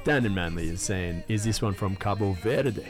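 A low-pitched man hosts a radio quiz, relaxed and rambling, often pausing on "uh" and restarting his lines. Soft music sits faintly behind him. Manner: rambling, hesitant, full of "uh" restarts. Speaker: radio host. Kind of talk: casual radio banter.

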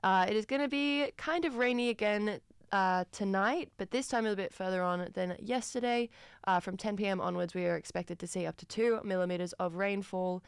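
A woman's voice: mid-range voice, normal speed, smooth, no echo. A woman with an Australian accent presenting a radio show, chatty and upbeat, with frequent ums, on a studio microphone. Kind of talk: casual radio announcing.

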